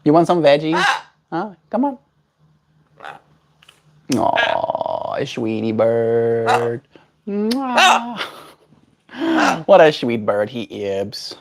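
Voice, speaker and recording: A man's voice: medium pitch, big pitch swings, extremely slow, long pauses. Man cooing baby talk to a pet bird. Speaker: streamer. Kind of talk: casual chat with a pet bird.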